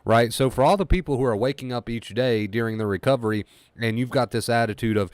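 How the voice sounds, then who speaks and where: Male coach, mid-pitched voice, dry close mic; emphatic, repetitive, voicing anxious thoughts in quotes. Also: brisk, dry recording. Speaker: anxiety recovery coach. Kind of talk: solo motivational talk to camera.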